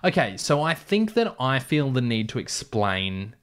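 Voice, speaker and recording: A man's voice: medium pitch, very animated, unhurried, a bit bright, smooth. A young man reading aloud his childhood novel, breaking off for wry, joking asides. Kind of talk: casual read-aloud with asides.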